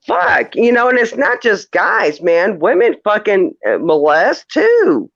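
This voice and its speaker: A man's voice: sits high, sing-song, measured pace, few pauses, a bit bright, no echo. A man calling in to a casual chat show, rambling and flustered, stammering over restarts and swearing often. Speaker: caller. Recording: dull lo-fi call audio.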